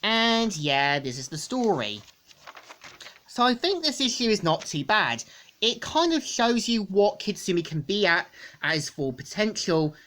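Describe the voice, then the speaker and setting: A woman's voice: fairly low pitch, a bit bright. A woman reviewing a comic book in a casual, rambling plot recap, repeating stock phrases.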